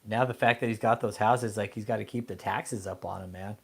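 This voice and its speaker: A man's voice: on the low side, steady tone, brisk, gravelly, husky. A man hosting an online commentary show, ranting angrily and profanely at a preacher, mocking him with insults. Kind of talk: casual profane rant.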